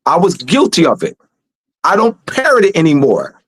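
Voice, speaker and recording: A man with a high voice, recorded dry and close. He hosts a live teaching discussion and drives his points home with emphatic repetition. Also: huge pitch swings, moderate pace, breathy edge, dry recording. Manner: emphatic and repetitive, urging listeners. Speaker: host.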